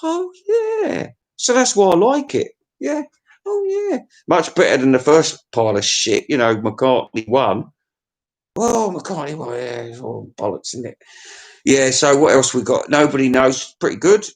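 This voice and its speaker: A man's voice: medium pitch, lively intonation, moderate pace. A man giving a rambling, crude comic monologue, swearing freely and chuckling as he reviews albums.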